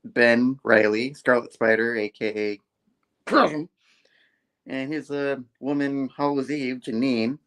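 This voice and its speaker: A man casually reviewing a comic book, telling the story with lively sound effects. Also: mid-range voice, slow pace. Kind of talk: casual chat.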